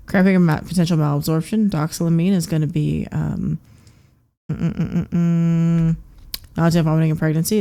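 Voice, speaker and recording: A woman live-streaming a study session, reading out terse drug facts in a halting mutter full of fillers. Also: sits low, mellow.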